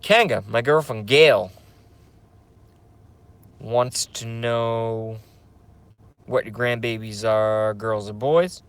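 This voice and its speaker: A man's voice: medium pitch, takes it slowly, pauses often, clear, resonant tone. A man hosting a casual livestream, rambling, swearing, and reading out viewer comments. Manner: rambling, profane, emotional; reads chat comments aloud. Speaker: livestream host.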